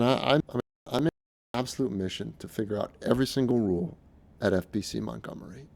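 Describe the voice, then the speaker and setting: A middle-aged man talking in a casual, unscripted monologue, earnest and halting, often restarting his sentences. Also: mid-range voice, creaky, a little mellow. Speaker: speaker recounting his experiences.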